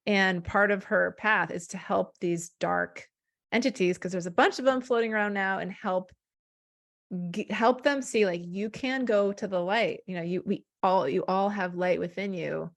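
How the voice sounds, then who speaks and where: A woman guest, a hypnotherapist, telling spiritual stories in a rambling, animated conversational way. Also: mid-range voice, moderate pace, creaky. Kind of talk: casual conversation.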